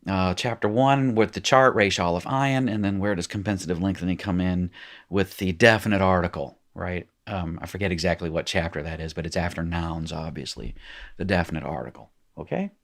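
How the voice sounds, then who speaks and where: A man's voice: sits low, fairly quick. A man teaching a recorded language lesson, explaining in a chatty way and often correcting himself mid-sentence. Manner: chatty, self-correcting explanations with frequent fillers. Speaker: Hebrew teacher. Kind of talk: recorded screen-share lesson.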